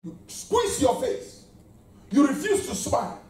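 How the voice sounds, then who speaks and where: High, animated preacher in an echoing hall. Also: male voice, a little slow. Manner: call-and-response preaching, exclamations of praise. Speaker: pastor. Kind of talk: sermon. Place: church hall with congregation. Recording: echoey hall, mic far off.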